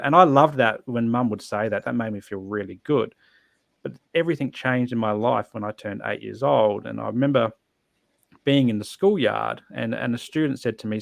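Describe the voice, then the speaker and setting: Earnest man with a gravelly voice. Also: medium pitch, normal speed, no room sound. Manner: earnest, reflective, with frequent restarts. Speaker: podcast guest. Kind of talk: personal storytelling.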